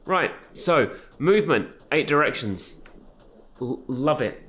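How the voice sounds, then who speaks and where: Jokey British gamer with a lively voice. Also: male voice, medium pitch, slow pace. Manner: chatty, jokey, thinking aloud. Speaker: gaming YouTuber. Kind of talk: casual let's-play commentary.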